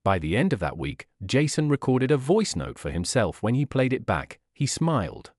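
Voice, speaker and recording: Man, graded-reader narrator, clear measured delivery, lively intonation. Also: mid-range voice, dry recording, clean studio sound. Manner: clear, measured reading for learners. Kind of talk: scripted storybook narration.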